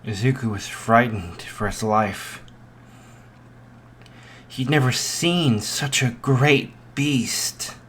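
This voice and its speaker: A man improvising a story aloud, unhurried, with frequent fillers and restarts. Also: medium pitch, a bit bright, slight background noise.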